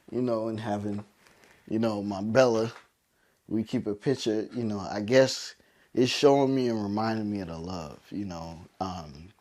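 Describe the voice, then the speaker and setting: A man's voice: fairly low pitch, a little mellow. A man hosting a solo podcast, teary and emotional, building his points through preacher-like repetition. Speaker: podcast host. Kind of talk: heartfelt solo podcast monologue.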